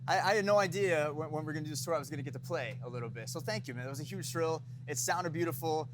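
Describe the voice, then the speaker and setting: This is a male show host with a quick, rapid-fire delivery. He sounds enthusiastic and chatty, and he often stumbles and repeats words as he talks. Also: a little high, background noise. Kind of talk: behind-the-scenes show hosting. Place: engine shop, then studio.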